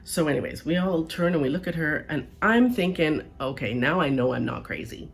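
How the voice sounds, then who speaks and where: A woman's voice: low-pitched, brisk, creaky. A woman telling a personal story in a casual, chatty way, often checking in with the listener. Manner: chatty, animated, keeps checking in with "right?" and "okay?".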